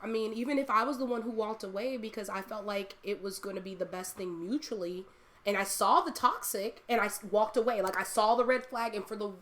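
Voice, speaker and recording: Woman streamer just chatting, animated, laughs a lot, open about herself. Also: medium pitch, fairly quick. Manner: animated storytelling, laughs often; candid and confiding. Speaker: live streamer. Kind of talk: casual personal chat.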